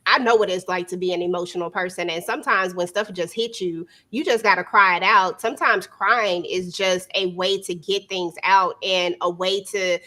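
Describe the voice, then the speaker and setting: Woman on a live panel, bright edgy voice, emphatic and fed up. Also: fairly low pitch, fairly even intonation, normal speed, hardly any pauses. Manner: emphatic, rising to exasperated outbursts. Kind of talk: casual live discussion.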